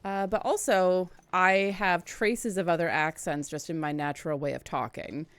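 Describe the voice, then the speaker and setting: A woman's voice: fairly low pitch, fairly even intonation, moderate pace, fairly bright tone, smooth, dry recording. A woman in her thirties from Alaska, chatting casually with rambling asides while playing a video game. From Alaska, USA. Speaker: let's play streamer. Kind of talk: casual gameplay commentary.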